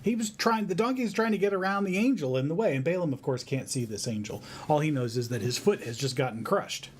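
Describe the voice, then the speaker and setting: Man, father figure leading a family devotion; animated, conversational storyteller with a slightly raised pitch. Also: fast talker, slight background noise. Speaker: father teaching his son.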